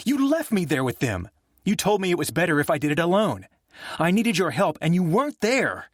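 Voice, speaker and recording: A man's voice: mid-range voice, animated, normal speed, fairly bright tone, no room sound, studio quality. A male narrator voicing a grieving adult man who lashes out at his brother in bitter, accusing outbursts. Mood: furious. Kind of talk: audiobook character voice.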